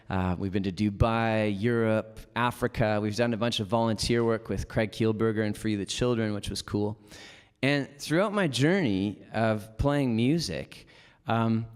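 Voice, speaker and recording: A Canadian motivational speaker with a clean, mid-range voice tells stories in an echoing hall before an audience. His keynote is lively and casual, full of "like" fillers.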